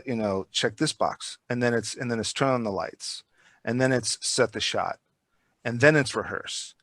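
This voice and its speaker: On a podcast, a man with a mid-range voice tells rambling, profane stories with lots of energy in casual chat. The recording is dry.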